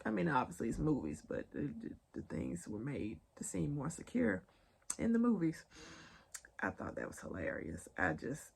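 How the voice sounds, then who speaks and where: A woman's voice: low voice, huge pitch swings, moderate pace, gravelly, darkish tone, husky. A young adult woman with a Southern accent, chatting casually through a pop-culture news recap and talking straight to her viewers. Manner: chatty, laughing asides, addresses viewers as y'all. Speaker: vlogger.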